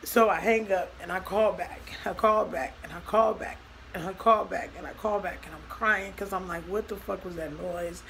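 A woman's voice: mid-range voice, fairly even intonation, normal speed, creaky, a bit bright, slight background noise, rough recording. A young woman vlogging a personal story, talking loosely and acting out both sides of each conversation. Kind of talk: storytime vlog.

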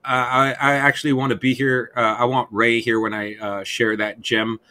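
A man co-hosting a podcast in casual chat, excitable and profane as he rambles. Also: mid-range voice, normal speed. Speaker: podcast co-host.

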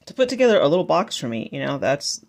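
A woman's voice: low-pitched, big pitch swings, fast, a little mellow. A woman vlogger chatting casually and gushing as she shows off her shopping haul. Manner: bubbly, chatty, gushing over finds. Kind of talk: casual haul vlog chat.

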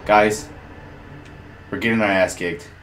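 A man streaming a shooter game, swearing, laughing and reacting loudly as he plays. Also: on the low side, fairly even intonation, slow, soft background music. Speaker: gaming streamer. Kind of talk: casual gameplay commentary.

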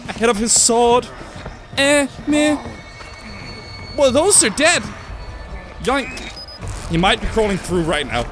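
Guy yelling through a horror game, cursing, slow talk between the screams, loud game music behind. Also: extremely high pitch, sing-song. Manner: jumpy, screams and swears at scares, joking. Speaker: gamer.

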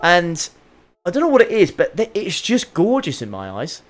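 Guy on a racing stream, voice bouncing all over, bit high, joking and swearing with chat. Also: moderate pace. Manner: excitable, joking, swears freely. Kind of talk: casual live-stream commentary.

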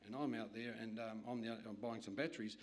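A man's voice: on the low side, fairly even intonation, fast. A middle-aged man preaching a sermon, telling rambling personal stories in a conversational way with frequent restarts.

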